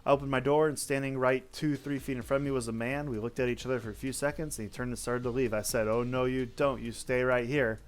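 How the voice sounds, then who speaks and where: A man's voice: mid-range voice, steady tone, quick pace, few pauses, soft background music, natural voice. A man voicing a feisty 78-year-old grandmother in a folksy put-on accent. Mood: defiant.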